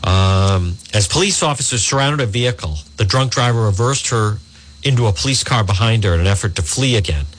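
Male talk radio host, middle-aged, slightly low husky voice, indignant commentary. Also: animated, a little fast. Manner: indignant, reads news aloud with asides.

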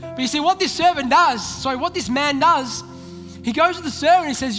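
A man's voice: very high-pitched, quick pace. A man preaching a sermon as pastor, telling a story and acting out its characters' lines. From Australia. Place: large church hall. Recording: long hall reverb with music behind. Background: soft background music.

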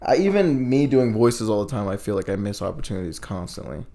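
A man's voice: fairly low pitch, sing-song, a little fast, dark tone. A young man co-hosting a podcast, chatting casually and telling stories with lots of laughter and fillers. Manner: laughing storyteller, filler-heavy. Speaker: podcast co-host. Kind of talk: casual chat.

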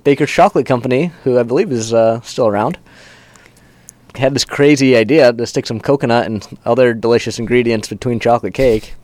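Casting note: male podcast co-host, mid-pitched, chatty and lively storyteller. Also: brisk. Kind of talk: casual chat.

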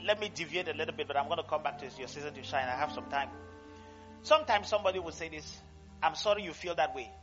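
A male pastor preaching a sermon, swinging between loud exclamations and quiet conversational asides, laughing often. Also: a little high, lively intonation, quick pace, lo-fi sound, soft background music. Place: church service.

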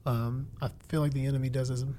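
A man's voice: mid-range voice, flat delivery, fast, warm tone, slight background noise. A man in his twenties sharing a faith testimony in conversation, earnest and preacherly, repeating phrases for emphasis. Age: 20s. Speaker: guest.

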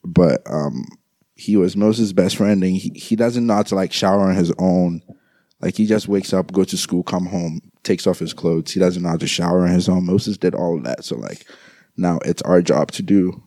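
A young man speaking in a halting, grieving monologue, often repeating words as he talks quietly to his listeners. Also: low voice, no room sound. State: grieving, subdued.

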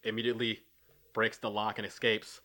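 A man's voice: lowish voice, level tone, brisk, bright, forceful tone. A man co-hosting a podcast, casually recapping a film in a laid-back, profane way and laughing often. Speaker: podcast co-host.

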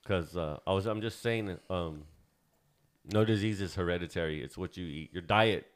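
A man's voice: sits low, normal speed. A man in his thirties co-hosting a casual podcast, rambling and swearing freely, with lots of fillers. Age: 30s. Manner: loose, profane and rambling, with many fillers. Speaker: podcast co-host.

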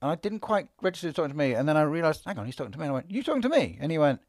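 A man on a podcast, telling stories in a lively way and acting out what people said. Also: fairly high pitch, rapid-fire, dry recording, clean studio sound. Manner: animated storyteller, acts out quotes. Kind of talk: casual podcast chat. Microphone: studio podcast microphone.

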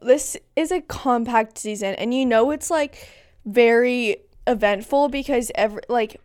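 A woman's voice: on the high side, a little slow, a little mellow, clean tone. Giggly young woman, chatty co-host. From Pacific Northwest. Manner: giggly, chatty, full of fillers. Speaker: podcast co-host. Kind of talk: casual chat.

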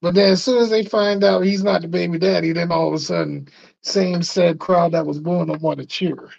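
A man's voice: sits high, steady tone, brisk, vocal fry, darkish tone, lo-fi sound. A man hosting a podcast in a laid-back, joking casual chat. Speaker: podcast host.

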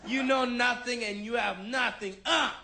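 A man's voice: very high voice, steady tone, normal speed, sharp tone, a little hiss or hum, pitched above the performer's own voice. A man voicing a snooty, scornful Frenchman in a comedy routine. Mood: haughty. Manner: haughty and condescending.

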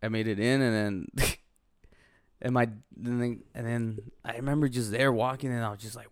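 Gravelly young man telling a wild story. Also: medium pitch, normal speed, dry recording. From Los Angeles. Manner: profane, animated storytelling with laughs. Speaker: podcast co-host. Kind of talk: casual chat, storytelling.

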